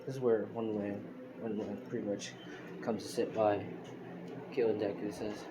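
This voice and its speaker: A man's voice: lowish voice, level tone, normal speed, long pauses. A man casually retelling a fan-made story, rambling with lots of fillers and restarts. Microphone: phone screen recorder. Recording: noisy phone recording.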